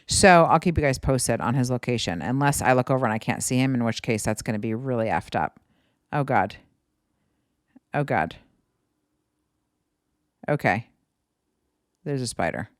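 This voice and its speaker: A woman's voice: rumbling low, expressive, moderate pace, long pauses, no echo, clean studio sound. Chatty woman telling a story at home. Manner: chatty, rambling, many "like" and "right?" asides. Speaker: podcast host. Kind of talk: casual storytelling monologue.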